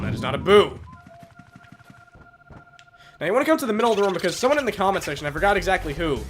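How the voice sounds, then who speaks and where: Excitable congested young man commentating gameplay. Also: high-pitched. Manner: excitable, swears at enemies, jokey asides. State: congested from a cold. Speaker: let's play commentator.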